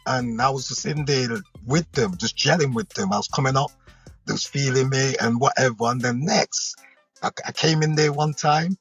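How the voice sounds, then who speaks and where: A man's voice: medium pitch, gravelly, husky. A British man, a hip hop artist, telling rambling stories in a casual interview and often checking in with the listener. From United Kingdom. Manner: rambling, animated storyteller who checks in with the listener. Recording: lo-fi recording with faint music behind.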